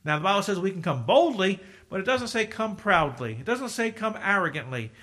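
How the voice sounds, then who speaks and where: A man preaching a sermon as pastor, reading scripture aloud, with loud emphatic rises and quiet asides. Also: sits high, sing-song, fairly quick. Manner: reads scripture in King James wording.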